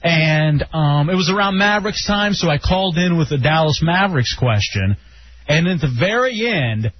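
A man's voice: fairly high pitch, dull audio, slight background noise. A man hosting a casual radio talk show, telling stories in a laid-back, jokey way. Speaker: radio host.

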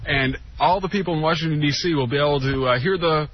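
Fast-talking male radio co-host. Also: on the high side. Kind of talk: casual radio banter. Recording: dull lo-fi broadcast with faint hiss.

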